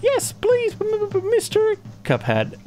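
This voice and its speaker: A squeaky, very high cartoon cup boy who stammers in panic. His voice jumps way above a normal speaking voice, over faint music. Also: wildly swooping pitch, a little slow, darkish tone, heavily acted. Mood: panicky. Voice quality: high squeaky Mickey Mouse-like voice.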